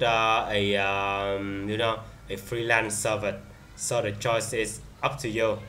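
Bright-voiced man demoing software haltingly. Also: mid-range voice, a little hiss or hum. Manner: halting, many fillers and restarts. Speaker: software reviewer. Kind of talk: screen-recorded software demo.

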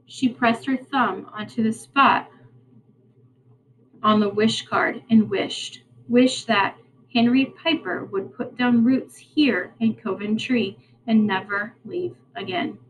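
A woman teacher reading a novel aloud to her class, unhurried and plain, with small slips and restarts. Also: fairly high pitch, slight background noise, poor audio.

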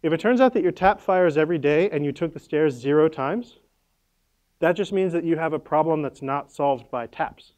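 Guy running a workshop, kinda high voice, super casual, says like a lot, throws in silly sound effects. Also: normal speed, a little mellow. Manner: casual, peppered with "like" and "right?"; playful, adds sound effects. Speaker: workshop presenter. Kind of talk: conference workshop talk. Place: conference workshop room.

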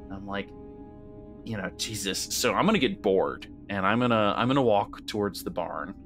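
A man's voice: on the low side, moderate pace, fairly bright tone, soft background music. A man playing a tabletop horror game, casual and rambling, swearing freely. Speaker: player. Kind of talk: tabletop role-play chat.

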